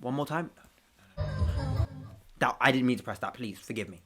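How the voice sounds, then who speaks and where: A man's voice: mid-range voice, normal speed, loud music behind the voice. A man with street hosting a reaction video, ranting casually with profanity and self-mocking jokes.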